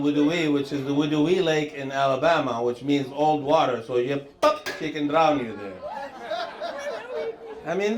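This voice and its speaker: A man doing a rambling stand-up routine, chuckling through his lines and stumbling over hesitant pauses. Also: on the high side. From Lebanon. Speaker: stand-up comedian.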